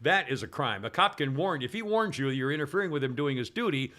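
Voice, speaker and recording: A man's voice: fairly high pitch, lively intonation, quick pace, pushed and bright. A man hosting a casual news talk show, rambling with many fillers and restarts. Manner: acts out quoted people in a raised voice. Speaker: podcast host.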